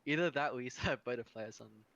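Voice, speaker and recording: A man's voice: mid-range voice, very fast, fairly bright tone, no echo, dull audio. A man playing through a dating game with a friend, reading its text aloud and joking about it, often laughing. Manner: laughs often, reads narration then jokes about it. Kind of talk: casual game playthrough, reading and riffing.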